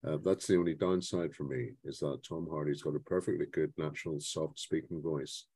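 A man co-hosting a podcast, giving his opinions on films in a measured way with hesitant restarts. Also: a bass voice, steady tone, darkish tone, husky, dry recording. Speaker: podcast co-host. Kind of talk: casual film discussion.

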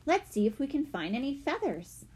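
A woman's voice: sits high, big pitch swings, normal speed, darkish tone, voice pushed up. A woman voicing a sensible, practical older sister. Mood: eager. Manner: practical, explaining.

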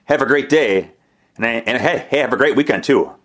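A man's voice: mid-range voice, moderate pace, a bit bright. Wry male sports podcast host. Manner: wry, self-mocking asides, reads quotes aloud. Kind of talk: casual sports podcast recap.

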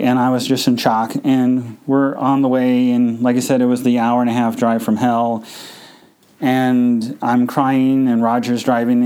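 A man tells a personal story on his podcast, his voice dark and mellow with a smooth, clean tone. He speaks haltingly, stopping and restarting and leaning on fillers, and his delivery is subdued and emotional. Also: mid-range voice, rough recording. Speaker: podcast host.

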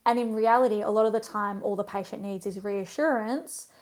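A woman's voice: mid-range voice, fairly even intonation, fairly quick, a little mellow. A woman with an Australian accent, a physiotherapist guest in casual podcast chat, telling stories chattily and laughing as she goes.

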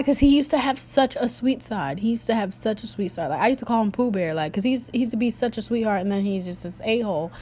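Young woman telling a story animatedly. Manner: animated retelling, quotes others in lowered voice. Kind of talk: casual storytelling to viewers.

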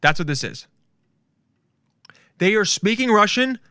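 A man talks through his podcast in a loose, rambling way, peppering it with curses and jokes. His voice sits a touch high for a man. It is recorded dry, with no room sound. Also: animated, a little slow, bright, forceful tone, dry recording. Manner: rambling, profane, jokey. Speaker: podcast host. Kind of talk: casual podcast chat.

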